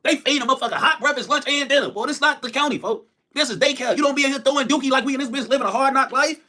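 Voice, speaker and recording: A young man who tells stories and jokes on a live stream, animated and profane, saying "folks" constantly. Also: very high voice, rapid-fire. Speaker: livestreamer. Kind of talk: storytelling and joking on a live stream.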